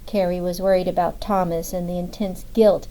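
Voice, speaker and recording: Mellow-voiced woman audiobook narrator. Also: lowish voice, fairly even intonation, a little fast, poor audio.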